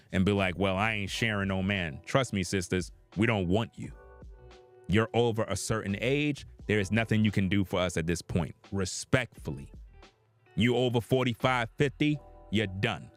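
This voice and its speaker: A man's voice: on the low side, normal speed, soft background music. A man giving opinionated reaction commentary, blunt and profane, addressing his viewers directly.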